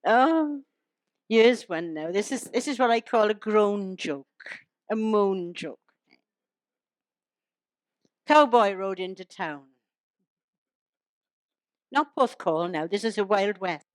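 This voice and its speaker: A woman's voice: mid-range voice, expressive, takes it slowly, pauses often, dry recording. An older woman, reciting humorous poems and jokes to a live audience and teasing them along the way. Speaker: comic performer.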